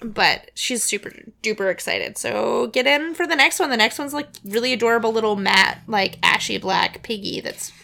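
A young woman co-hosts a casual podcast, playful and teasing as she tells animated little stories. Her voice is fairly high and bright, with a gravelly fry at the ends of phrases. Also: normal speed, hardly any pauses, a little hiss or hum. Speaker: podcast co-host. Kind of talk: casual chat.

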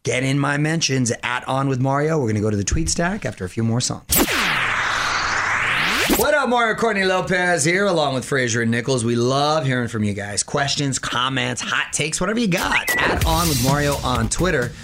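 A man hosting a radio show, bantering with co-hosts in an energetic, playful way. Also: mid-range voice, loud music behind the voice. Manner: energetic, playful, quick patter. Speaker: radio host.

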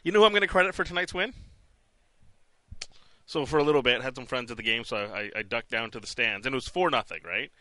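A man's voice: mid-range voice, fast, sharp tone, no echo. A male radio co-host joking and telling stories about a hockey game, laughing often. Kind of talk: casual sports radio chat.

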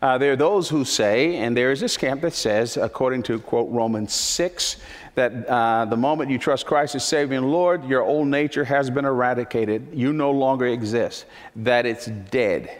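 A man's voice: medium pitch, normal speed. A man preaching a sermon as pastor, emphatic, repeating key phrases for effect. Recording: long reverb of a large hall.

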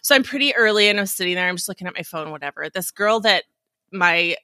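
A woman's voice: lowish voice, expressive, fast talker, dry recording, clean studio sound. A woman in her forties who hosts a podcast, laughing often and telling a story in casual chat. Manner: laughs often, tells stories in a warm chatty way. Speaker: podcast host.

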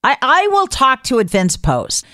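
A woman's voice: sits high, wildly swooping pitch, moderate pace, pushed and bright, no room sound, studio quality. Chatty, effusive woman interviewer. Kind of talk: casual interview chat.

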